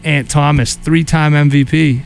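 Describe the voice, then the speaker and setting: A man's voice: a little high, level tone, measured pace, vocal fry, a little hiss or hum. A man hosting a radio show in casual chat, wry and joking, grumbling about things he dislikes.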